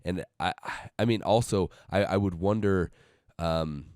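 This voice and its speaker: A very deep, smooth, resonant male voice works through an argument one step at a time, measured and deliberate. It is recorded dry and close, with no room sound. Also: darkish tone, no room sound. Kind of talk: casual podcast discussion.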